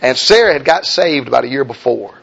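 Husky preacher man, hushed to loud. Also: mid-range voice, expressive, fairly quick. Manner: impassioned, swings from hushed to loud. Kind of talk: sermon. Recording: dull lo-fi recording.

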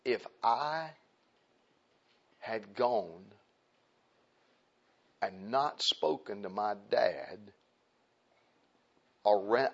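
A man preaches in a plain, conversational way, driving points home by repeating himself. He rises loud and high for emphasis, then drops to quiet, low asides. His voice sits at an ordinary middle pitch on a dull, lo-fi recording. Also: husky. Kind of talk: conversational sermon.

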